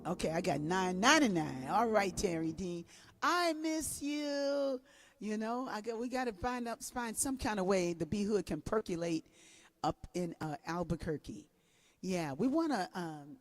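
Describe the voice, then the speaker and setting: A woman's voice: lowish voice, dry recording. A woman hosting a spiritual live stream, chatting affectionately with viewers in a casual way and laughing easily, talking into a home streaming mic. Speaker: host and gospel singer.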